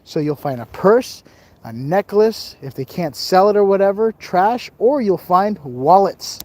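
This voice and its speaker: This livestream host has a high, expressive, darkish voice and speaks a little slowly, with no echo. Tired but casual, he wanders rough open ground outdoors with his phone camera in hand, rambling, cracking jokes, and reading out viewer comments.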